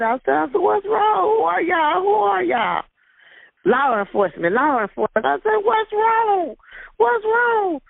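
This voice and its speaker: A woman's voice: mid-range voice, creaky, dry recording. A woman recounting a personal ordeal in an interview, emotional, repeating herself and acting out the dialogue. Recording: tinny phone-like sound, dry.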